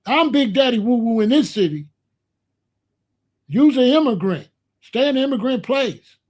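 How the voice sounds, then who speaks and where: Man, high voice, angry ranting commentary host, blunt and slangy. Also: expressive, normal speed, a little mellow. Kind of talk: heated livestream rant.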